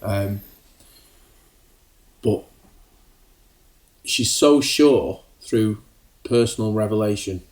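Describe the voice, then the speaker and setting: Man, low-pitched, hesitant casual podcast chat, frequent restarts. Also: extremely slow, pauses often, darkish tone. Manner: hesitant, many ums and restarts. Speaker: podcast co-host.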